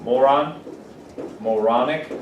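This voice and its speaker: A man teaching English vocabulary to a class, animated and playful, acting out examples. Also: mid-range voice, slow pace, lo-fi sound. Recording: echoey room from far off, faint noise.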